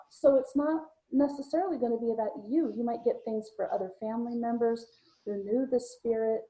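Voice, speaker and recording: A woman's voice: a little high, steady tone, dark tone, low-quality recording. A woman co-hosting a live video-call show as a psychic medium, chatting casually and telling anecdotes with a ready laugh. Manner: chatty storytelling, quick to laugh.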